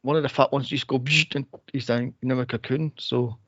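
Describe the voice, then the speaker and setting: A man co-hosting a movie podcast, animated and sweary, laughing and acting out scenes in casual chat. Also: mid-range voice, brisk, no echo. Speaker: podcast co-host. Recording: dry, dull lo-fi podcast audio.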